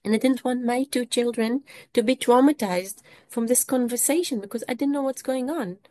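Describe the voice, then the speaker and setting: A woman, an English speaker, giving an emotional first-person testimony in a halting way, often repeating and restarting words. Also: fairly high pitch, darkish tone.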